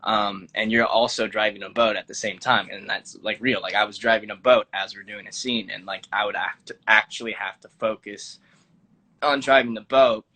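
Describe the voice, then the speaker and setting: A young man in his twenties chats casually as an interview guest, his voice bright and forward. He rambles, circles back and trips over fillers as he goes. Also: fairly low pitch, steady tone, moderate pace. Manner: rambling, many fillers and restarts. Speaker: actor guest.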